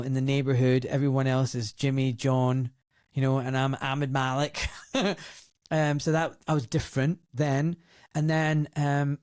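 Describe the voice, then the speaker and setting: A Scottish man in his fifties, a doctor and former surgeon, telling his story in an interview in a lively, outspoken way and acting out the voices he quotes. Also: medium pitch, clear, resonant tone, dry recording, clean studio sound. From Glasgow, Scotland.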